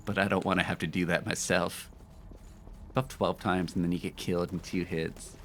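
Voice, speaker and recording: A man's voice: low voice, level tone, moderate pace, fairly bright tone, a little hiss or hum. A man streaming a game, chatting casually and telling rambling stories with many fillers and laughs. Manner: rambling, laid-back, with frequent fillers and laughs. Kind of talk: casual live-stream chat and storytelling.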